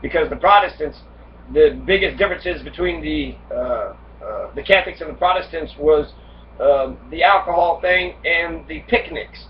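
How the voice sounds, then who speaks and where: Man giving a profane history lecture, slightly high voice, far from the mic, dull lo-fi sound with faint hiss. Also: normal speed. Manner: reads passages then riffs with heavy profanity; acts out immigrants' complaints in angry voice. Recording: dull distant lo-fi recording with faint noise.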